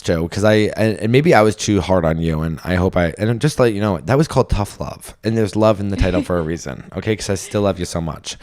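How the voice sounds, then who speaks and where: Blunt, teasing low-voiced man hosting a podcast. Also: a little mellow. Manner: blunt, teasing, quick bursts of laughter. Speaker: podcast host, stand-up comedian. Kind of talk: casual comedic advice chat.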